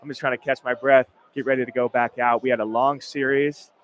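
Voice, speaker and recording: A young man in his twenties, an ex-college football player, being interviewed live at a stadium club event. He speaks in a relaxed, modest way, easily telling stories at a mid-range pitch. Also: fairly quick, low-quality recording. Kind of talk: casual interview.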